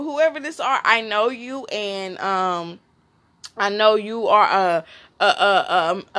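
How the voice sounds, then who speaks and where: A woman's voice: medium pitch, animated, takes it slowly, a bit bright. A woman giving an impassioned spiritual pep talk straight to the listener, repeating herself and calling them "baby.". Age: adult, mother of a son. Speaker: faith speaker giving encouragement. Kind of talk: spiritual encouragement monologue.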